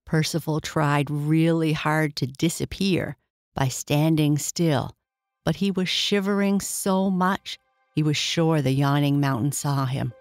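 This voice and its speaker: A woman narrates a children's bedtime story in a slow, soothing way. Her voice sits low. Soft music plays faintly behind.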